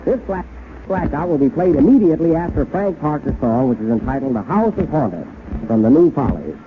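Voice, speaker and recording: A man's voice: on the high side, lively intonation, a little fast, noisy background. A man hosting a scripted radio comedy show, breezy and wry, on a tinny 1930s broadcast. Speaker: comedian host.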